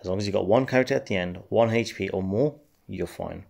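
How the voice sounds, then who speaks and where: A man casually commenting on his mobile game play, relaxed and rambling with many fillers. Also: on the low side, fast talker, creaky. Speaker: game channel host.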